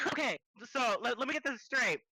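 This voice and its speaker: Bright lively woman gamer, giggly and rambling, dry mic. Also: a little high, no echo, rough recording. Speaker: player. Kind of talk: casual tabletop game chat.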